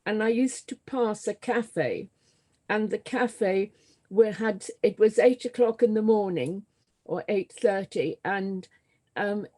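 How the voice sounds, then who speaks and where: An older woman from Britain tells long stories at an unhurried pace, in a mellow, darkish voice. She often pauses on ums and restarts her sentences, in a relaxed conversational tone. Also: mid-range voice. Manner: halting, with many ums and restarts. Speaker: guest, scenographer and author. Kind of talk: conversational storytelling.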